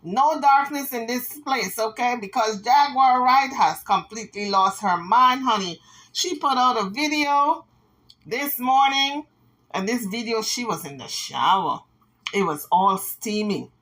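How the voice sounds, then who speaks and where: A woman's voice: a little high, a little slow, a bit bright, rough recording. A woman vlogger giving casual gossip commentary, dramatic and playful, with sassy asides.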